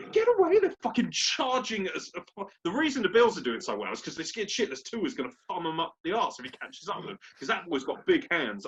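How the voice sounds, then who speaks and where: A man's voice: mid-range voice, fairly bright tone, highs cut off. A man hosting a sports podcast in casual, crude, jokey chat, swearing freely. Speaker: podcast host.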